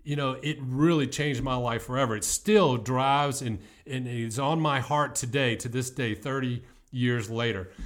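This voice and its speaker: A middle-aged man who coaches football, giving an earnest, emphatic motivational talk. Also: medium pitch.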